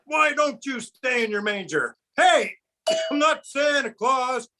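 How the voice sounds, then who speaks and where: Guy doing a cranky old grandpa puppet, super high squeaky voice, yelling and singing. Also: animated, takes it slowly, full character voice, low-quality recording. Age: older. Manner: cranky, ranting, sings and shouts. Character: grumpy old man mistaken for Santa. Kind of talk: comic puppet song.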